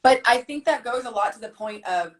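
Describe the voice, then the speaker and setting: A woman softball player chatting casually and asking friendly, curious questions. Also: fairly high pitch, lively intonation, a little fast, low-quality recording. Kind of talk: casual chat.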